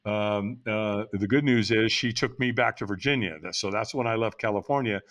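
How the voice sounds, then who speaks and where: Speaking at a moderate pace in a fairly low, fairly bright voice, an American man in his sixties shares candid personal stories on a podcast. He is blunt and swears casually.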